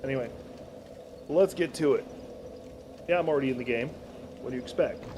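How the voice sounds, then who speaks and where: A man giving casual live commentary while streaming a game, excitable and self-mocking, swearing and shouting at enemies. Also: mid-range voice, brisk, background noise.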